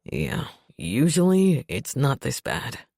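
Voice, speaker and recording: A woman voicing a wounded male shadow wraith who talks in a slow, slurred rumble. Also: very animated, gravelly, mellow, slightly rough, no room sound, studio quality, full character voice. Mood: groggy, gruff.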